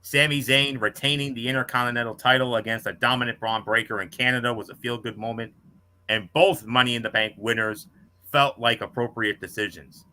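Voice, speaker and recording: A man co-hosting a wrestling podcast, reading out a scripted match review with star ratings in a measured way. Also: medium pitch, steady tone, pushed and bright.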